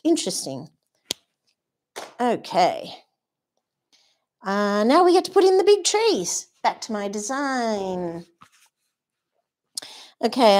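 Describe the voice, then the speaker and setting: A woman's voice: medium pitch, a little mellow. A woman teaching watercolour painting in a live demonstration. She chats and thinks aloud as she paints, and she gushes about colours and brushes. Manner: chatty, thinks aloud while painting, gushing.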